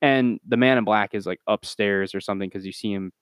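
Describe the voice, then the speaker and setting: Recapping a film's plot on a casual review podcast, this male co-host curses in exasperation and imitates characters with high-pitched voices. He talks a little fast in a smooth voice, recorded with no room sound.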